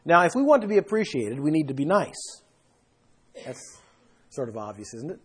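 A man's voice: on the high side, sing-song, moderate pace. A man preaching a Bible sermon, explaining verses with emphatic rises in his voice. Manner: emphatic, rising for stress.

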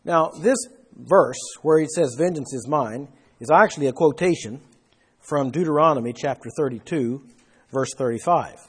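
A man's voice: on the high side, moderate pace, husky. A man preaching a Bible sermon, explaining verses with emphatic rises in his voice. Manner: emphatic, rising for stress.

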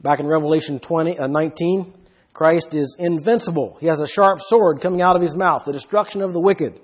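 High-voiced, breathy male preacher. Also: a little fast. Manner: reads scripture aloud, then explains it. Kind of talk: sermon.

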